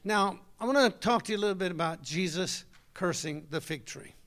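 A man's voice: sits high, fairly quick, a bit bright. A middle-aged man, preaching a folksy, conversational sermon and talking with his congregation.

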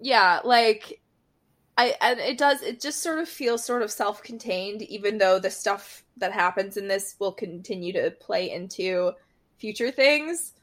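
A woman's voice: mid-range voice, unhurried, a bit bright. A woman with a mid-range voice talks through a TV episode in casual podcast chat. She stops and restarts often, with lots of fillers, and laughs along. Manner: hesitant, many fillers, laughs. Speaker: podcast co-host.

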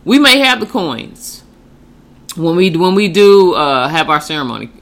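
A woman's voice: lowish voice, big pitch swings, measured pace, fairly bright tone. A woman co-hosting a podcast, chatting casually in a laid-back, slangy way and laughing often. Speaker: podcast co-host. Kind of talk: casual chat.

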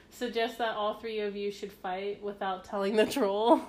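A woman's voice: mid-range voice, fairly even intonation, measured pace, darkish tone. A young woman co-hosting a casual podcast, reading quiz questions aloud with playful, giggly asides. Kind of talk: casual chat.

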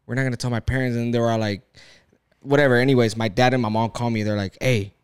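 A man co-hosting a podcast in relaxed, slangy casual chat, often restarting his sentences. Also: medium pitch, fast, smooth. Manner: laid-back, slangy, stumbling restarts. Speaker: podcast co-host.

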